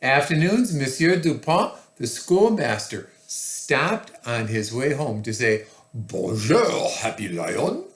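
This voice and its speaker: Man reading a picture book, slow pace, lively pitch, echoey room. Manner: slow, expressive, chatty asides. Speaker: relative reading aloud.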